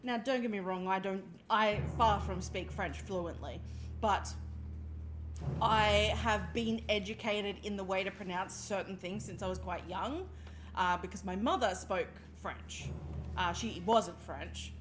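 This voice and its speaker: A woman's voice: mid-range voice, measured pace, noisy background. A woman chatting casually while streaming a game, laughing often and playfully snobby. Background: game music.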